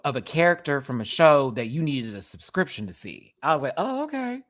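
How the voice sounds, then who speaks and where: Mid-range and lively in intonation, a Houston man's voice carries his casual livestream as host of a reaction show. He laughs often and drops quick, sassy, campy asides.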